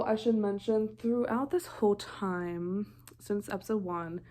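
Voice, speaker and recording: A woman's voice: medium pitch, darkish tone. A young woman vlogger recapping a TV show in a casual, rambling way, often breaking off mid-thought. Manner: rambling, chatty, interrupts herself often.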